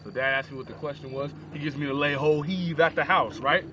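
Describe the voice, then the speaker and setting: A man's voice: on the high side, fairly quick, slight background noise. A young man telling a rambling, crude shaggy-dog story with lots of asides, on a lo-fi phone recording. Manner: animated, crude, digressive.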